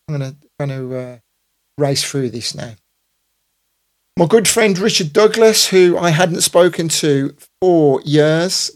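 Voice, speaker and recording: A man in his fifties, a DJ hosting a casual live stream, rambling with lots of fillers and restarts. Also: mid-range voice. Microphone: computer or phone mic on a live stream.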